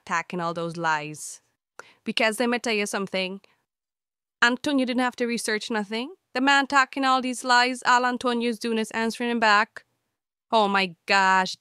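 A woman takes viewers to task one comment at a time, blunt and scolding. Her voice is smooth and clear. It sits close and dry in the recording. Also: on the low side, a bit bright, no echo. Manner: blunt, scolding, talks straight to the listener. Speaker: channel host answering viewer comments.

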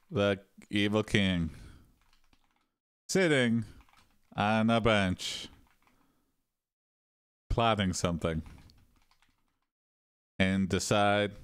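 A man hosting an improvised AI story game dictates his moves in slow, halting pieces. His voice is smooth and clear, a touch low, and sits dry and close to the mic. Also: dry recording. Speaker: host typing story prompts. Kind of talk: improvised game play, casual.

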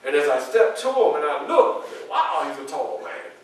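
A man with a fairly high voice, speaking at normal speed, plays a dignified 19th-century abolitionist before a live audience at a library event room. Earnest and animated, he relates his story straight to the listeners in first-person portrayal. The room echoes, and the recording is distant.

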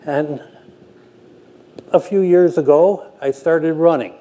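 An older man, a production manager, telling a self-deprecating story with frequent halting restarts. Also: on the high side, mellow. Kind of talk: anecdotal storytelling talk.

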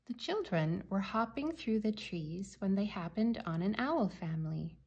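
A woman reading a children's picture book aloud with gentle, clear storytelling. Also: medium pitch, animated, a little slow, a little hiss or hum.

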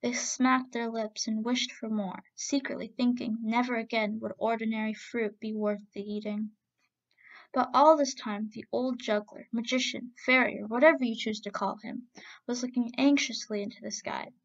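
A woman narrating a folk tale in a steady, expressive reading voice. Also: fairly high pitch, normal speed, dull audio. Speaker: storyteller. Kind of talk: storybook narration.

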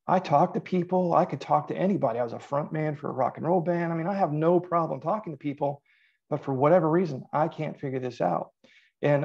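A middle-aged man talking casually as a podcast guest, telling animated stories and quoting himself. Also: on the high side, creaky, lo-fi sound. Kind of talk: casual interview chat.

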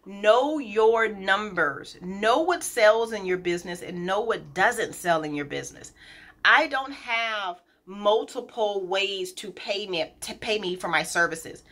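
In a casual motivational vlog, a woman who owns a business speaks to viewers directly and informally. Her medium-pitched voice is bright, forceful and expressive, and she takes her time, emphatically repeating her key points.

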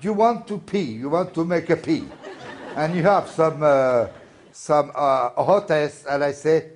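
A man with a French accent telling a story in broken English as a talk show guest. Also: fairly high pitch. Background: studio audience laughing.

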